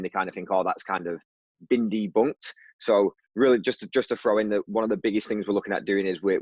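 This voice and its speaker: Quick-talking husky Mancunian man. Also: low-pitched, no room sound. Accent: Manchester with Australian twang. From Manchester, England. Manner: quick, explanatory, self-correcting. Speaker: guest, fitness educator. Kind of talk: casual explanatory interview talk. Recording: dull lo-fi sound.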